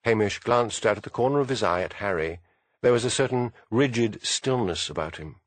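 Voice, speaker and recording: A man narrates a scripted audiobook with a lively pitch at a slightly fast pace. The sound is dry, with no room sound.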